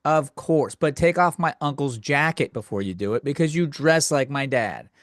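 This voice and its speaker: A man hosting a comedy podcast, ranting through a story, jumping up into squealing highs when he quotes himself. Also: normal speed, no echo, studio quality. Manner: loud animated storytelling, squealing high for quoted outbursts. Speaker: podcast host. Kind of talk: comedic rant.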